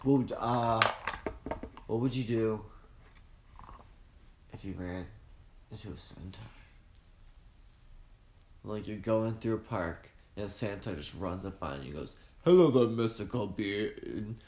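A man's voice: on the low side, measured pace, long pauses, echoey room, noisy background. A man in casual crude chat, laughing often and acting out silly voices.

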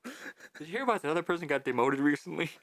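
Sarcastic guy on a podcast, voice goes all over, kinda gravelly. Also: fairly high pitch, no room sound, clean studio sound. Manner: sarcastic, jokey interjections. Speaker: podcast co-host. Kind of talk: casual chat.

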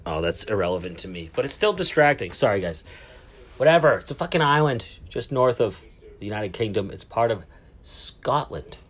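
A man's voice: on the low side, lively intonation, normal speed, a bit bright. A man hosting a casual solo podcast from a cruise ship, rambling, swearing and poking fun at himself. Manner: rambling, profane, self-mocking. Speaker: podcast host. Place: cabin aboard a cruise ship.

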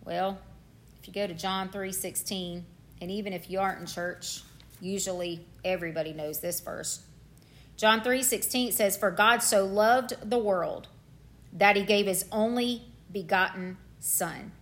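A woman's voice: medium pitch, measured pace. A middle-aged woman preaching a passionate sermon, fervent and emotional, repeating phrases for emphasis.

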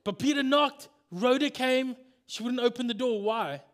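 A male pastor preaching a sermon in an animated storytelling manner, acting out the scenes. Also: extremely high pitch, moderate pace.

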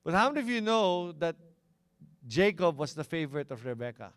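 A man's voice: on the high side, sing-song, fairly quick, a bit bright, no room sound, clean studio sound. A man preaching a sermon and often asking the congregation questions. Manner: engaging, asks the congregation questions. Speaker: pastor.

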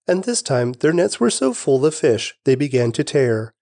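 A man giving a steady, expressive scripted reading of scripture. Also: mid-range voice, moderate pace, no room sound, clean studio sound. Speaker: scripture reader.

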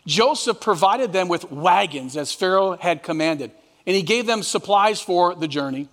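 A man pastor preaching a sermon, reading scripture dramatically and breaking into lively voiced asides. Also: sits high, normal speed, big-room sound.

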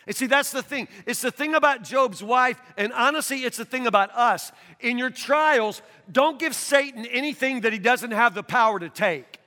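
A male pastor preaching an earnest sermon, repeating words as he presses his points and rising toward a shout. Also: very high voice, moderate pace, few pauses. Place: church hall. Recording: long hall reverb.

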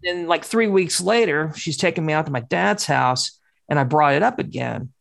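A woman telling a personal story in casual conversation, swearing often and talking in an animated, candid way. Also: deep voice, moderate pace, creaky. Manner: swears constantly, animated, acts out quoted dialogue.

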